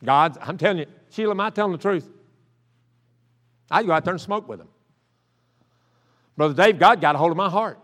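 High-voiced older preacher. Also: male voice, brisk, pauses often, fairly bright tone. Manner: folksy storytelling that builds to impassioned preaching. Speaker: pastor. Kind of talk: sermon. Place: church sanctuary. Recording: reverberant church sanctuary.

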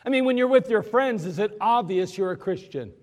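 A man's voice: sits high, expressive, fairly quick, a little mellow. A man preaching a sermon, who acts out scenes in dramatic voices. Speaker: pastor. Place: church sanctuary. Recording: long church reverb.

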